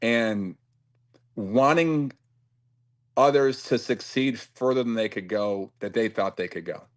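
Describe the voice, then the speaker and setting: A man from Cleveland, a football coach, giving reflective interview answers in a thoughtful, measured and earnest way. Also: medium pitch. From Cleveland, USA.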